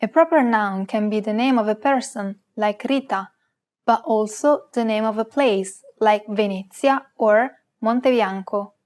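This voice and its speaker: Woman, co-host, careful enunciation, unhurried. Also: on the high side, darkish tone. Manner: slow, careful pronunciation. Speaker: co-host and native-speaker model. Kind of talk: scripted lesson, reading example words.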